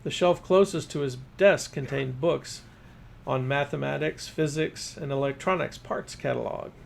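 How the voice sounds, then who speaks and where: Gravelly male storyteller. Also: mid-range voice, moderate pace, slight background noise. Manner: first-person storytelling. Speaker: narrator. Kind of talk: reading fiction aloud.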